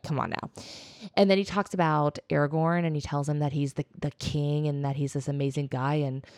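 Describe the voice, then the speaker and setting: Sarcastic lower-voiced woman co-host. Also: vocal fry, no echo. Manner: teasing, dry sarcasm. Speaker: podcast co-host. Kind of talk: casual chat, summarizing a book.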